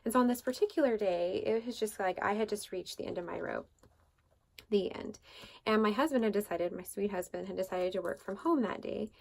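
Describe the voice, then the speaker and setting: A woman hosts a devotional talk, telling a personal faith story in a loose, rambling way. Her mid-pitched voice has a steady gravelly fry. She keeps restarting and filling gaps as she goes. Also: brisk. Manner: conversational, rambling with fillers and restarts. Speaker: devotional podcast host.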